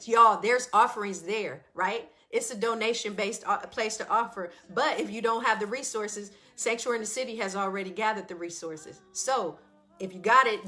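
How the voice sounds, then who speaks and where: A woman's voice: medium pitch, bright, forceful tone. A woman hosting a live stream, exhorting her viewers in call-and-response style and guiding a breathing exercise. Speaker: host of a live show. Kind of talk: live-stream wellness talk.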